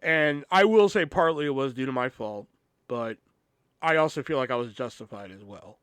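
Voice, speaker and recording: A man's voice: mid-range voice, normal speed, a bit bright, smooth, dry recording. A man hosting a podcast, telling a story in a casual, profane, rambling way with lots of "you know". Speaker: podcast host.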